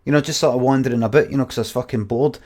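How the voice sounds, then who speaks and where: A man's voice: medium pitch, steady tone, rapid-fire, darkish tone. A Scottish man in his forties, rambling and swearing as he tells a story to his viewers on a stream.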